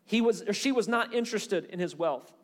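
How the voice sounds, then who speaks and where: High-voiced male pastor preaching in a hall. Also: brisk. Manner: animated storytelling, acts out voices in Bible stories. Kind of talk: sermon. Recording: hall reverb.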